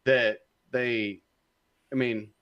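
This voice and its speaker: A man's voice: mid-range voice, little pitch movement, extremely slow, clean tone, no echo, dull audio. A man co-hosting a podcast in casual political discussion, hesitant and repeating words as he searches for them.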